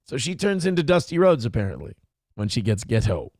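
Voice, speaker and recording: A man's voice: mid-range voice, huge pitch swings, a little fast, darkish tone, no room sound, clean studio sound. Crude, sarcastic male show host. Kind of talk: casual live-stream commentary.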